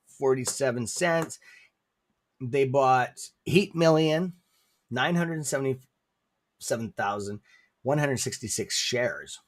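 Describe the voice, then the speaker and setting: On his casual stock livestream, an accented man with a non-native English accent talks chattily, keeps adding "okay?", and has sudden outbursts. The voice is mid-range and fairly bright, studio quality with no echo.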